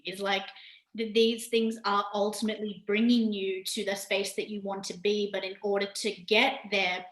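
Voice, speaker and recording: A woman co-hosting a podcast, talking about astrology in a calm, reflective way. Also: medium pitch. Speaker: podcast co-host. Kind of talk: casual astrology chat. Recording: echoey room.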